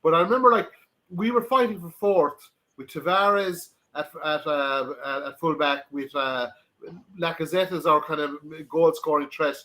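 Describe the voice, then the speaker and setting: A man's voice: a little high, normal speed, pushed and bright. A man guest in a casual chat, rambling with many restarts. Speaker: podcast guest.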